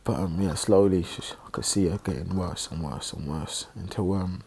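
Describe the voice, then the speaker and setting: A man with a low, gravelly voice recounts a personal story in a subdued, emotional tone. He talks haltingly, pausing and restarting often. A faint background noise sits under his voice. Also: darkish tone. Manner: halting, reflective, many pauses and restarts. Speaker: online religious presenter.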